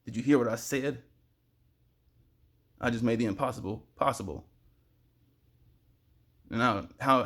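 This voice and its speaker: A sweaty young man in the heat speaks to the camera with a mid-range voice, his spiritual monologue fast, excitable and meandering, punctuated by sudden loud bursts.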